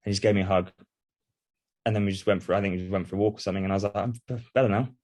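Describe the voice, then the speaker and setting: Man, lowish voice, quick and soft-spoken, reflective. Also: level tone. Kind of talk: personal story in podcast conversation.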